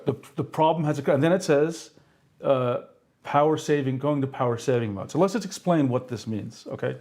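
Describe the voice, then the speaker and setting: This tech streamer has a creaky, darkish voice at medium pitch. Live, he demonstrates pen displays step by step, keeps checking in with "okay?" and "right?", and laughs self-deprecatingly when a demo doesn't work.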